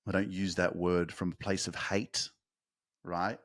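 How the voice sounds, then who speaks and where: A man hosting a motivational podcast, talking fervently and emphatically, swearing for emphasis and building to fast, intense peaks. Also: deep voice, little pitch movement, no echo, clean studio sound. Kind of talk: motivational monologue.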